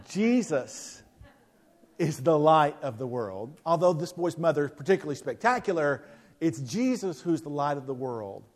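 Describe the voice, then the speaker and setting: Man preaching with a high voice in a reverberant hall. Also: expressive, normal speed. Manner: storytelling, emphatic with soft drops. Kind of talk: sermon. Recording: long reverb of a large hall.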